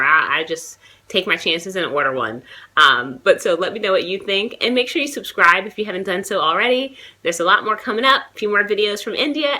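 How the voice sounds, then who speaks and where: A woman's voice: medium pitch, sharp tone. A young American woman with a cold, chatting casually to camera in a travel vlog, full of likes and you knows. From United States. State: has a cold, chesty. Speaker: travel vlogger.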